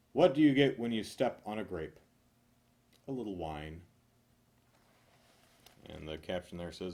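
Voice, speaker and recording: Man, lowish voice, reads joke after joke, swings his pitch wide, stretches the punchlines. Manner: animated, punchy joke delivery with drawn-out punchlines. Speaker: host reading jokes. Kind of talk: reading jokes aloud from a book.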